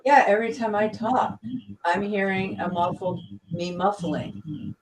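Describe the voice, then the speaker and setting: A woman hosting a casual livestream chat, rambling with many halting restarts. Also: medium pitch. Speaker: livestream host. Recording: distant mic with faint noise.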